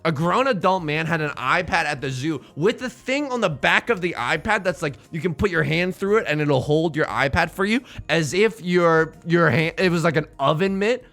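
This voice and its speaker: A man streaming casually, telling jokes and stories in an animated, self-mocking way. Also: fairly high pitch, normal speed, hardly any pauses.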